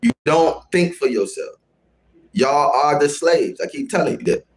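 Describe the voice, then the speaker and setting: A man's voice: fairly high pitch, lively intonation, a little slow. A man hosting a live stream, speaking, confrontationally scolding his chat and repeating his phrases. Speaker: livestream host. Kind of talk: casual live-stream rant.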